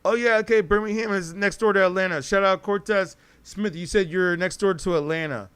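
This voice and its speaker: A man's voice: high-pitched, a little fast, fairly bright tone, clean tone. A man hosting a casual livestream podcast, talking straight to his chat in a rambling, self-correcting way. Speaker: podcast host reading live chat.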